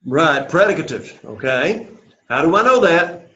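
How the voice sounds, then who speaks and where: A man leads a classroom lesson, patient and encouraging, heaping on praise. His voice sits a little high. The recording is dull and lo-fi, with a roomy echo. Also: expressive, measured pace, fairly bright tone. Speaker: Greek teacher. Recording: echoey room, dull lo-fi sound.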